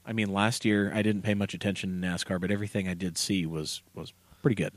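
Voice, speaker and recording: A man's voice: deep voice, little pitch movement, fast talker, no room sound. A man co-hosting a podcast in a basement, chatting casually and rambling with many fillers and jokes. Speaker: podcast co-host. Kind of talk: casual chat.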